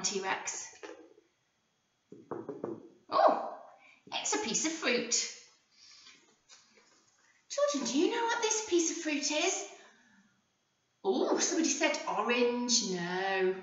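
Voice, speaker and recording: English woman, infant teacher, sing-song phonics lesson; slow, swooping delivery, dull roomy recording. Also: fairly high pitch. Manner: animated, sing-song, slow and clear with frequent gasps. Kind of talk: phonics lesson for young children. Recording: echoey room, voice from a distance, dull sound.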